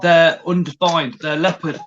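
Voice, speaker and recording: A man's voice: on the high side, steady tone, a little slow, a bit bright, lo-fi sound. A man hosting a casual livestream, greeting viewers in the chat and talking in a hesitant way with many restarts. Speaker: livestream host.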